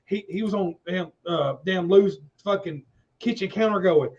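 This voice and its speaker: A high-voiced man tells a long, rambling story on a livestream, cursing freely and acting out everyone's lines. His voice comes through muffled and lo-fi, like a dull stream feed. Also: normal speed. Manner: animated, swears constantly, acts out quotes. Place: livestream call.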